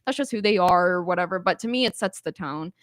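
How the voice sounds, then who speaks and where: A woman as a podcast guest, telling stories in an animated, casual way with lots of "like" and laughter. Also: on the low side, quick pace, dry recording. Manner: animated storytelling, frequent "like" and laughter. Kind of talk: casual chat.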